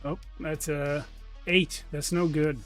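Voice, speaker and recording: A man's voice: fairly high pitch, level tone, slow pace, faint music behind. A man playing a tabletop role-playing game, chatty and joking, asking the game master questions. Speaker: player. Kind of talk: casual tabletop play.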